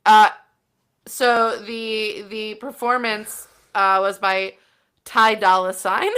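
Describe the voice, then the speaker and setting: Bright, clear-voiced woman co-host. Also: medium pitch, slow pace. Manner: animated, giggly, reads out news bits. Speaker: podcast co-host. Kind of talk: casual chat.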